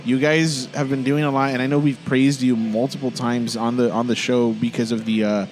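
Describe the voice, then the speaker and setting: A man's voice: medium pitch, level tone, normal speed, a little mellow. Podcast host, man, casual interviewer, wordy and filler-heavy. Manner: rambling questions, lots of fillers.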